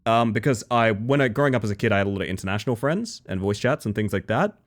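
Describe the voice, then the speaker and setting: A man's voice: on the low side, expressive, quick pace. A young Australian man chatting casually on a game stream, reading chat messages and rambling with restarts.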